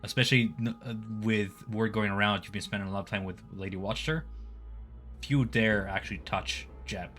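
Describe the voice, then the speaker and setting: A man's voice: fairly low pitch, normal speed, faint music behind. A man narrating a tabletop role-playing session as game master, describing scenes in a loose way with many fillers. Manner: relaxed, filler-heavy narration.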